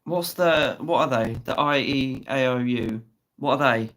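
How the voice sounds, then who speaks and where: A man running a casual live stream reads out comments, teasing his audience and cursing freely. His voice is medium in pitch, a bit bright and a little slow, and the recording is rough.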